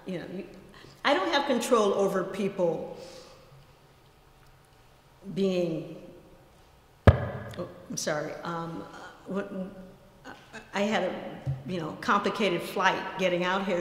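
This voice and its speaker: A woman giving a conversational academic talk at a colloquium, telling stories with asides. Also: mid-range voice. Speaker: guest lecturer. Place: lecture hall. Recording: echoey lecture hall.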